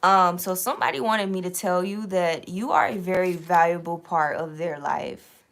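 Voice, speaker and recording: A young woman runs a late-night tarot live stream, chatting loosely with viewers, reading their comments aloud, and swearing freely. Her voice is lowish and fairly bright, at a moderate pace.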